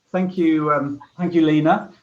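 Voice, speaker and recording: Dull-sounding hesitant male panel chair. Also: fairly high pitch. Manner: hesitant, many ums and restarts. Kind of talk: hosting an online panel.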